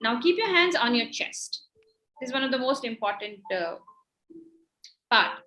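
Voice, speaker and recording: Faint music plays behind this rough recording of the Indian-accented facilitator, whose high voice is pushed and bright, a little fast, with lively intonation. Leading the online workshop's tapping and breathing exercise, she stays encouraging and instructive and laughs easily.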